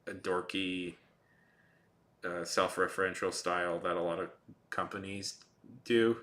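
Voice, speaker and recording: This drawing livestreamer has a low-pitched, bright voice with a forceful tone, little pitch movement and an unhurried pace. He chats casually with viewers, rambling, using many fillers and sounding dryly sarcastic.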